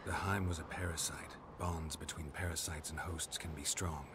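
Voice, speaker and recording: A gruff monster hunter from a video game, with a terse, flat delivery. The voice sits extremely deep and never hurries. It comes through noisy game audio. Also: male voice, moderate pace. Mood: calm. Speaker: game character.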